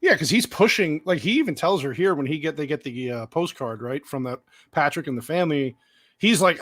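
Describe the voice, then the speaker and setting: A man's voice: on the high side, a little fast, no room sound, clean studio sound. A man hosting a casual movie discussion, laughing often and acting out characters' lines. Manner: animated, laughs a lot, acts out characters' lines. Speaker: podcast host.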